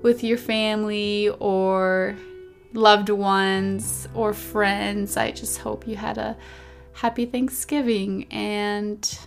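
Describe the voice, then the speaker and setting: A young woman hosts her own podcast from a chair indoors, speaking into a close mic. Her voice sits a little high, and she talks in a chatty, rambling, animated way, with faint music underneath. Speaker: podcast host. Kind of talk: casual solo podcast talk.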